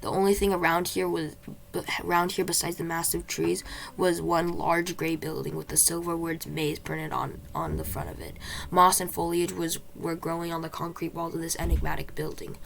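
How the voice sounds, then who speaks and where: A woman's voice: on the low side, level tone, moderate pace, creaky, a little hiss or hum. A woman reading her own story aloud in first person, plain and unpolished with some restarts. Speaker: author reading own book.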